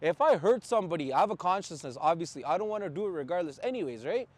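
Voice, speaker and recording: A man's voice: high-pitched, sing-song, fast talker. A man from Canada, a truck driver, ranting in blunt, profane casual talk with angry outbursts. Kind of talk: heated casual rant.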